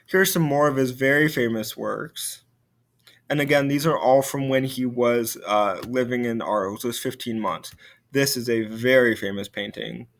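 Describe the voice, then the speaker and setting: A young adult man, a French teacher, giving a recorded video lesson in a relaxed way with many fillers and restarts. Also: medium pitch, moderate pace, vocal fry.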